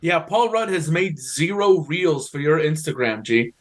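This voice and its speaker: A man on a podcast who reads out listener questions and teases the hosts dryly. His voice sits a little higher than most men's. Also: measured pace. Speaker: producer reading chat questions. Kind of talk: casual podcast chat.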